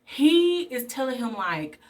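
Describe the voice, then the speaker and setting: A woman's voice: fairly high pitch, slow. Chatty woman, mic a little distant. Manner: animated, chatty, acts out characters in funny voices. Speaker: beauty and movie review vlogger. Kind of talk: casual movie recap while doing face paint.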